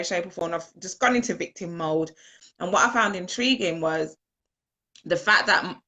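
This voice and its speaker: A woman host sharing personal stories in a reflective casual chat. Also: on the low side. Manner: reflective, storytelling, lively quoted voices.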